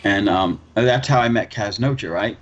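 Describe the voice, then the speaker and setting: A man's voice: on the low side, normal speed. A man co-hosting a casual podcast, rambling through an anecdote with plenty of swearing and chuckling. His sound is dull and lo-fi. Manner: rambling storyteller, swears a lot, laughs mid-sentence. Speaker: podcast co-host. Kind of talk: casual chat.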